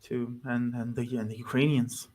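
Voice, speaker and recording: A man speaking as a guest in a casual chat about a film, halting and loose, full of fillers and restarts. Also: mid-range voice, level tone, a little mellow.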